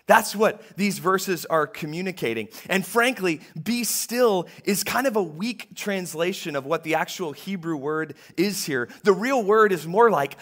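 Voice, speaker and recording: Male pastor preaching, a touch higher-pitched, conversational, with dips to a hush and rises to emphasis. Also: expressive, a little slow, few pauses. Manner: conversational preaching, swinging between hushed and emphatic. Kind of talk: sermon. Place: church.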